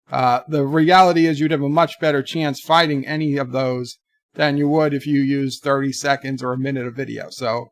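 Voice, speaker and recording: A man's voice: on the high side, creaky, no echo, clean studio sound. A man streaming live, reading viewer letters aloud and answering them in a rambling, jokey way. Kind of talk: casual live-stream chat.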